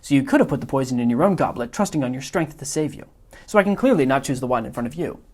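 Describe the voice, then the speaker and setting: A man voicing a pompous, boastful criminal mastermind who lectures in a smug, rapid-fire way. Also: mid-range voice, lively intonation, a little mellow, lightly acted. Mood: triumphant.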